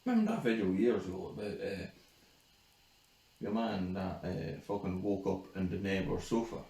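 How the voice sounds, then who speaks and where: A man's voice: sits low, expressive, moderate pace, warm tone. A man co-hosting a casual podcast, answering with dry, short quips. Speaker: podcast co-host. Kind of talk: casual banter. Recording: echoey room, far from the mic.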